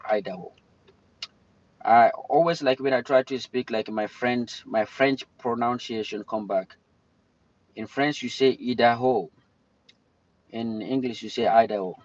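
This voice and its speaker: A man's voice: mid-range voice, dull audio. Rambling man chatting on a livestream. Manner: rambling, greets chat viewers mid-thought. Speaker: livestream host. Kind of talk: casual live-stream chat. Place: in or near his car.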